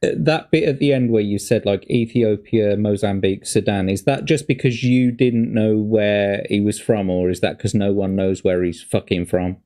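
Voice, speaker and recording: A man's voice: lowish voice, normal speed, hardly any pauses, mellow. A man joking and rambling in a casual online chat, swearing as he goes.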